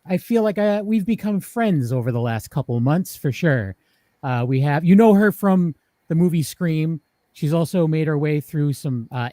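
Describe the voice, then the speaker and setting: Massachusetts guy hosting a horror show, warm low-key voice, kinda dry sound. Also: no echo. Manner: friendly, halting with fillers. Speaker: podcast host. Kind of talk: casual live show chat.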